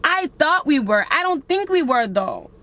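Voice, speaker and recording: A woman's voice: high-pitched, big pitch swings, normal speed, sharp tone. A young woman telling viewers about a breakup in an emotional personal vlog, speaking straight to them. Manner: emotional, addresses viewers as guys. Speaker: vlogger.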